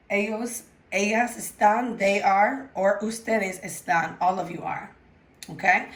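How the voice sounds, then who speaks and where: A woman teaching a recorded grammar lesson, patient and often checking with "okay?". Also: medium pitch. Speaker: Spanish teacher.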